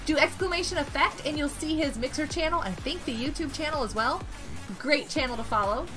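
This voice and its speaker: A woman streaming a game, chatting casually and excitably, greeting and thanking her viewers. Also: sits high, fairly quick, over music. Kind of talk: casual live-stream chat while gaming.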